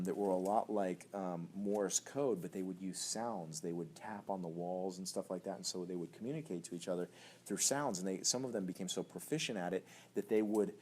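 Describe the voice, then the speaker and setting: A man preaching as a young adults pastor, telling stories in a chatty, animated way with laughter. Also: low voice, a little hiss or hum. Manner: conversational, animated storytelling with laughs and acted voices. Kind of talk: sermon teaching.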